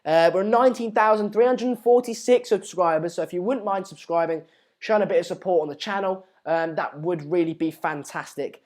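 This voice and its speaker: A chatty live stream host with a high, darkish voice gives casual match commentary at a brisk pace, reading out viewer comments as he goes.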